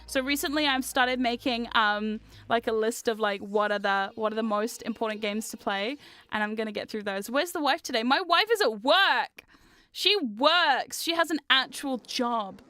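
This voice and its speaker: Bright high-voiced woman streamer. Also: normal speed, no room sound. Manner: animated, swearing, laughing, reading chat aloud. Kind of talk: casual chat stream. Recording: faint music behind.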